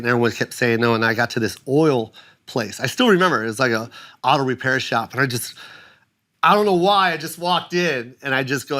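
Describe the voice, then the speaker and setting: A comedian guest tells a long story in casual podcast talk, animated and acting out quoted people in raised voices, with fillers, restarts and frequent "right?" checks. He speaks at medium pitch and a moderate pace.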